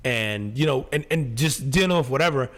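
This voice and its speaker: A middle-aged man co-hosting a podcast, telling a long story in casual chat, animated and profane, full of fillers and restarts. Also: medium pitch, moderate pace. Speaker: podcast co-host.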